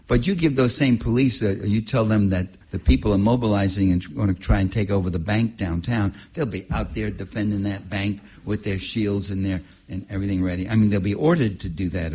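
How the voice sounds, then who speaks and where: Husky, lowish older man; activist speaker, anecdotal talk, animated delivery. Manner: animated storytelling, laughing at his own stories.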